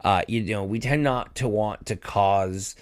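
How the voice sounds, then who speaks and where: A man's voice: lowish voice, measured pace, smooth, no echo. A young man co-hosting a podcast, chatting casually and rambling with lots of fillers and restarts. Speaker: podcast co-host, dungeon master. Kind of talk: casual chat.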